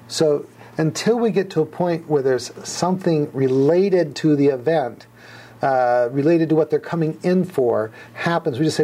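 Male instructor, warm mellow tone, patient step-by-step teacher who acts out clients. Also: fairly high pitch, normal speed. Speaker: hypnotherapy instructor. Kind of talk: teaching a class.

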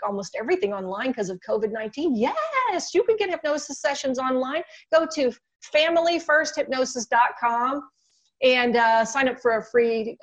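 A woman with a high voice talks shop as a hypnotist, animated as she acts out both sides of a client conversation. She sounds casual and chatty, as if speaking over a video call. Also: rough recording. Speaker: guest hypnotist. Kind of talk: casual teaching talk.

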